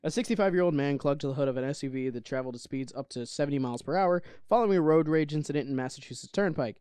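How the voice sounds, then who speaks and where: A man's voice: a little high, racing, a little mellow, clear, resonant tone, no room sound, clean studio sound. A young man co-hosting a casual comedy podcast, rambling and laughing as he talks. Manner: rambling, self-interrupting, laughs often. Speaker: podcast co-host.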